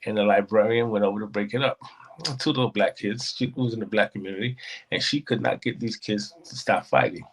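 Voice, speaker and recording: Guy telling his story as a guest, gravelly kinda husky voice, acts out all the voices. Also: on the low side, fairly even intonation, a little fast, poor audio. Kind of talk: personal storytelling.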